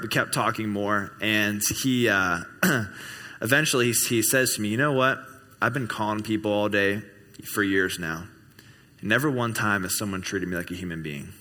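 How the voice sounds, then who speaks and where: Bright-voiced young man telling a story in a hall. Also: lowish voice. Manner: animated storyteller, acts out dialogue with chuckles. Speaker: speaker at a church service. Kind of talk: sermon storytelling. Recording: hall with long reverb.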